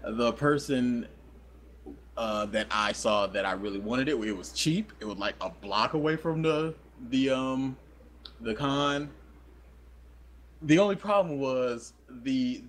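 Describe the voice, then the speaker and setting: A man's voice: mid-range voice, slight background noise. A young man co-hosting a podcast, telling a rambling, self-deprecating story in casual chat. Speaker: podcast co-host.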